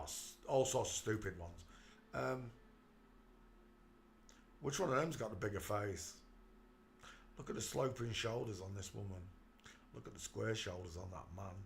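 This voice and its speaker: A man's voice: on the low side, gravelly, a little hiss or hum. A man hosting his channel, giving mocking commentary over photos and calling out to the viewer. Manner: jeering, talks to the viewer, breaks into laughter. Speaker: channel host.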